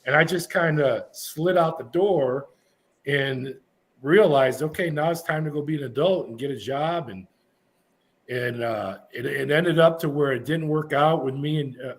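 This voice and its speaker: A middle-aged man, a podcast guest, telling stories casually and acting out the other people's lines. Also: mid-range voice. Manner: animated storyteller acting out quoted voices. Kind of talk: casual storytelling.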